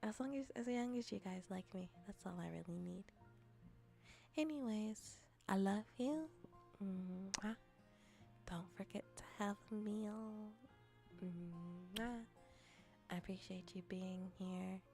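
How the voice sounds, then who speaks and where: A young woman streaming a casual chat as a VTuber and ASMR creator, rambling with restarts and often dropping into soft whispers. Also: mid-range voice, slow pace, vocal fry, pauses often, faint music behind.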